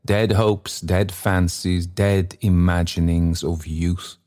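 A stern bell goblin spirit voiced by a man accuses in a slow, solemn, low voice. It is an audiobook reading with deliberate phrasing. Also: little pitch movement, darkish tone.

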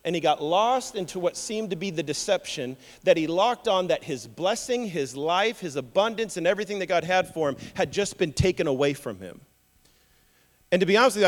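A male pastor preaching a sermon, telling the story in an animated way with humorous asides. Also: sits high, long reverb tail.

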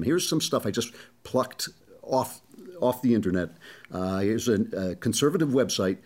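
A male commentator with a mid-range voice whose pitch swings widely as he talks. He is animated and conversational, with a sarcastic edge. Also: brisk, breathy edge. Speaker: talk show host. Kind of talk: political commentary monologue.

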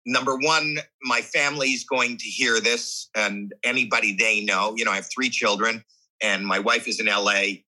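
A man telling a deeply personal story as an interview guest, animated and emotional, often restarting his sentences. His voice has a husky edge and a very bright, forceful tone. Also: moderate pace, rough recording.

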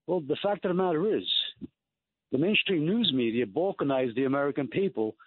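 A man's voice: fairly high pitch, expressive, slightly rough, no room sound. A man with a New York accent calling in to a radio show, polite and earnest. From Brooklyn, New York. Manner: polite, earnest, fast-talking. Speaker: caller. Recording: phone line.

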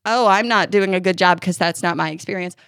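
A woman co-hosting a parenting podcast, telling stories in casual chat with an animated, laughing manner. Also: lowish voice, a little fast, no echo, studio quality. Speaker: podcast co-host.

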